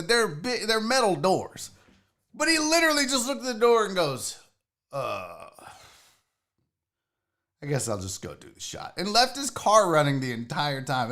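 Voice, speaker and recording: A man hosting a sports stream in a loose, chatty way, swearing freely and shouting out viewers one after another. His voice sits high for a man. The tone is bright and forward. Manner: loose and profane, greeting chat members by name. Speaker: sports show host. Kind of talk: casual livestream chat.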